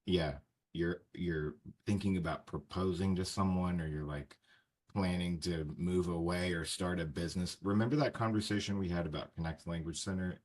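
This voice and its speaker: A man's voice: deep voice, steady tone, moderate pace, a little mellow. A man in his thirties from the United States, hosting a casual interview podcast and asking friendly questions. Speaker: podcast host.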